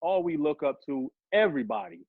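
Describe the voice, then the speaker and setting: Man going off on a profane podcast rant, kinda high voice, dry muffled sound. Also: a little fast, dry recording. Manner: heated, profane, rambling rant. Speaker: podcast guest rapper. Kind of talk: profane ranting podcast talk. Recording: dull lo-fi sound.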